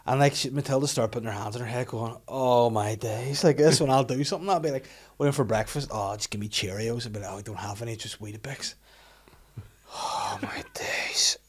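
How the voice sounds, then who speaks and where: A man's voice: mid-range voice, quick pace, darkish tone, husky. A man, a podcast host telling funny stories about his kids in casual chat, swearing and laughing often.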